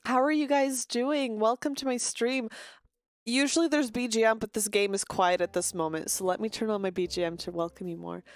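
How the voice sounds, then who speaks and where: A woman's voice: a little high, fairly even intonation, fairly quick, no echo. A woman live-streaming a game, chatting casually in a rambling way, swearing freely and breaking off to greet viewers. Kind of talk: casual live-stream chat while gaming.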